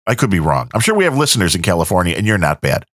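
Low, lively-voiced man chatting casually. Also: very fast, no room sound, studio quality. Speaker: podcast host. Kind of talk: casual chat.

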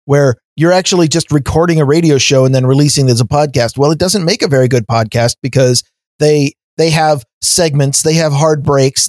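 A podcast co-host with a mid-range, slightly mellow voice rants through a casual chat, full of fillers and restarts. There is no echo on the recording.

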